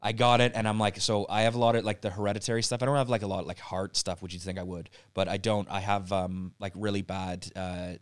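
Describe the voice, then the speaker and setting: A man's voice: on the low side, steady tone, fast talker, few pauses, clear, resonant tone, no room sound, studio quality. A man with a Canadian accent, a comedian guest chatting loosely on a podcast, swearing and slipping into mock voices. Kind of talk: casual podcast chat.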